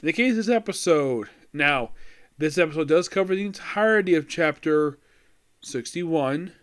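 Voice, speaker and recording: A man gives casual commentary on an anime episode. His voice sits a bit high for a man, and he rambles, restarts his sentences and throws in fillers. Now and then he adds a wry, mildly exasperated aside. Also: lively intonation, normal speed, a bit bright, clean tone. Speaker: anime reviewer.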